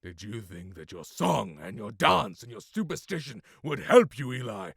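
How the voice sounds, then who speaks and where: A man playing a cold, ruthless adult oilman, drawing out his menace in a hush that breaks into shouts, close on a studio mic. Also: mid-range voice, sing-song, creaky, breathy edge, no room sound, exaggerated voice. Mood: roaring triumph. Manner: hushed, drawn-out menace that erupts into shouts. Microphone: studio condenser mic, close.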